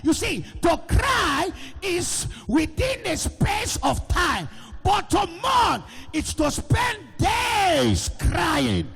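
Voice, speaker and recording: A Nigerian man preaches in a very high, gravelly voice that swoops widely up and down. He speaks slowly and often breaks into shouting, with a sing-song lilt and call-and-response questions to the church. Faint music plays behind him. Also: big pitch swings, long reverb tail. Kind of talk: sermon. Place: church with a gallery.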